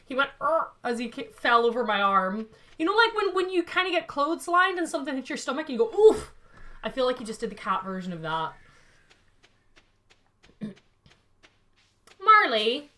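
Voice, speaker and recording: A woman's voice: high-pitched, bright, forceful tone. A woman, chatting playfully as a streamer, laughing often and talking to her cat and her chat. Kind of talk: casual gaming stream chat.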